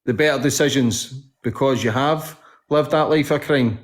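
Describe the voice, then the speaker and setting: A man's voice: mid-range voice, normal speed. A man interviewing a guest in a casual chat, talking frankly and swearing often. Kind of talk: casual conversation.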